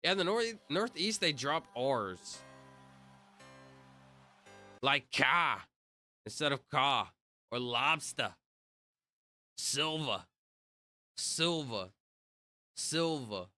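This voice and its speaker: A man's voice: mid-range voice, sing-song, extremely slow, long pauses, bright, forceful tone, soft background music. A young man livestreaming, chatting casually with viewers in a rambling way full of fillers. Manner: rambling, talks to chat, many fillers.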